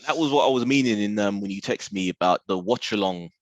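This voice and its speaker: A man co-hosting a casual film podcast, chiming in with quick, emphatic repeated replies. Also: lowish voice, no room sound. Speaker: podcast co-host. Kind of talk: casual chat.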